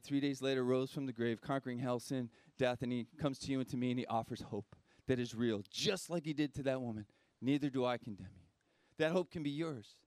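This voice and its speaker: A male pastor preaching a sermon in a direct, conversational way, repeating key phrases and dropping low and slow for solemn moments. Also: dry recording.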